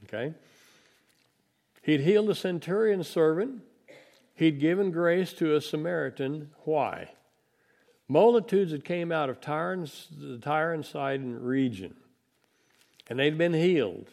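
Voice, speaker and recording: Gravelly-voiced man preaching a folksy sermon. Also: fairly high pitch, a little slow, pauses often, darkish tone. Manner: conversational, folksy, acts out voices of disciples. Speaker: preacher teaching a Bible lesson.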